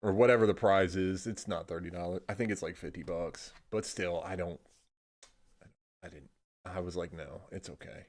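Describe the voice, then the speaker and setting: Young male streamer, lowish voice, easygoing and profane, rambles and trails off. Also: fairly even intonation, moderate pace. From Indiana, USA. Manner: laid-back, swears a lot, trails off with "I don't know". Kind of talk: casual rambling chat.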